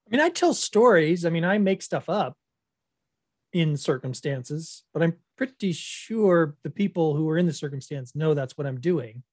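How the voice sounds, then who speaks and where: A man in casual conversation, relaxed and agreeable, sharing brief anecdotes. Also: on the high side, moderate pace, no echo, clean studio sound. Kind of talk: casual chat.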